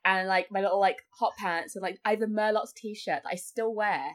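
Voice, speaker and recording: A woman guests on a podcast in casual, chatty conversation, filling her speech with "like" and often acting out other people's voices. Her voice is medium-pitched and brisk, with fairly even intonation.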